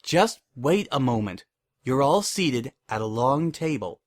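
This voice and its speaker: A man's voice: medium pitch, very animated, measured pace. A man doing a bossy young mare game master. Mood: eager. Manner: bossy, exasperated, bursts into shouts. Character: high-strung know-it-all young mare game master.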